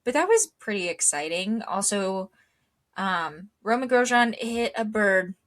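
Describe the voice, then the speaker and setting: A woman's voice: medium pitch, lively intonation, unhurried. A young woman co-hosting a casual podcast, rambling with lots of ums and wry asides. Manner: rambling, filler-heavy, wry. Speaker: podcast co-host. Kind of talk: casual chat.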